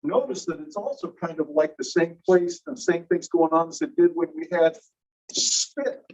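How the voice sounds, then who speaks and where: This is a classroom lecture from a man whose slightly high voice is a little mellow and moves at normal speed. He explains concepts stepwise and asks students questions, recorded distantly in a dull room.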